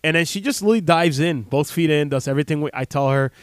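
A man in his thirties hosts a radio talk show from the studio. His talk is casual and rambling, full of fillers and restarts. His voice sits a little high for a man, and the close mic sounds very dry. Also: fast talker, clear, resonant tone, no echo. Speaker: chiropractor radio host.

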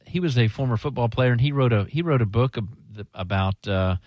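A man co-hosting a casual talk show who speaks quickly and earnestly. His teasing asides come through close and dry, without room echo. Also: mid-range voice, highs cut off. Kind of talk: casual chat.

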